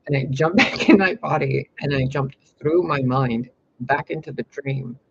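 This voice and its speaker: A man telling a long dream story to his viewers in a rambling, animated way with lots of fillers. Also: moderate pace, vocal fry. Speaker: spiritual vlogger. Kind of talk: casual storytelling to camera. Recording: slightly dull lo-fi with faint rumble.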